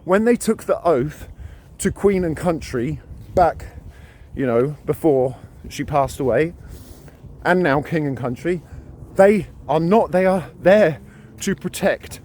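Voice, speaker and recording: A man's voice: a little high, animated, slow, darkish tone. A British man delivering an emphatic, ranting opinion monologue to camera, often repeating his words for emphasis. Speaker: vlogger.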